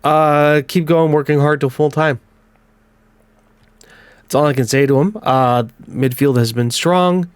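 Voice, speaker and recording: A man with a blocked nose giving casual let's-play commentary on a football management game, calling the match in quick bursts. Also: a little high, steady tone, clean tone, no echo. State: congested. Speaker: gaming commentator.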